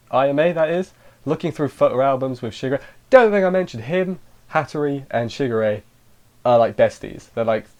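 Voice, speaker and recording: A man talking through an anime episode in a loose, chatty review at a mid-range pitch. He wanders off into jokey asides and restarts his sentences often, then drifts back to the plot. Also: darkish tone. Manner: rambling, self-interrupting, with jokey asides. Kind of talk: casual spoken review.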